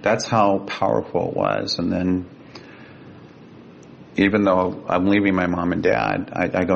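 Deep gravelly man telling a story. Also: fairly even intonation, measured pace, long pauses. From Sacramento, California. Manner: earnest, vivid, emotional retelling. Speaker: guest. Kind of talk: personal testimony storytelling. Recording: dull lo-fi with faint rumble.

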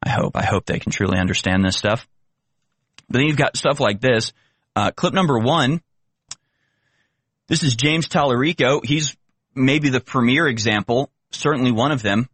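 Male commentary host, sarcastic and ranting, mid pitch, dry sound. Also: normal speed, pauses often, fairly bright tone, slightly rough, no room sound. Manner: sarcastic, ranting, rhetorical questions. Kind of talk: opinion commentary.

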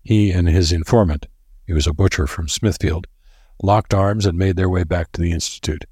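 Deep husky guy reading a story, steady pace, dry close mic. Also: normal speed, dry recording. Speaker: narrator. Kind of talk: scripted narration.

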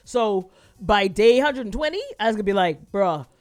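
A lively co-host talks loosely and reads viewer comments aloud in a relaxed chat. Soft music sits faintly in the background. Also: medium pitch, normal speed. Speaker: podcast co-host. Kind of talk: casual chat.

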